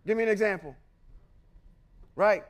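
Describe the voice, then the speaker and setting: A man's voice: sits high, moderate pace. A man hosting a podcast, reading scripture aloud and breaking into emphatic, confrontational commentary with slangy asides. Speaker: podcast host.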